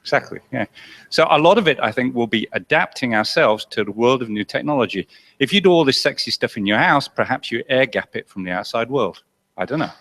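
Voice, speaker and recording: A man on a panel at a public lecture, sharing reflective opinions in a measured way. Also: mid-range voice, animated, a bit bright. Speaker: panelist speaker. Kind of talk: university public lecture discussion.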